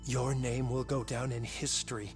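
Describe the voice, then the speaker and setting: A man's voice: medium pitch, flat delivery, normal speed, natural voice. An actor playing a tense, guilt-ridden male scientist who talks in a hesitant, earnest way, in dubbed game dialogue. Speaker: research scientist. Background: dramatic game music.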